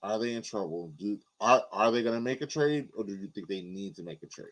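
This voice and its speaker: A man co-hosting a sports podcast, putting relaxed questions in casual chat. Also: lowish voice, brisk, low-quality recording. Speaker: podcast co-host.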